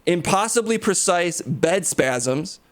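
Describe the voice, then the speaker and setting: Brash undead billionaire hero, a man puts him on, cocky and crude, pitched a little high. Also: expressive, takes it slowly. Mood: boastful. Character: brash reanimated male superhero tech genius, boastful. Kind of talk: improvised comedy impression.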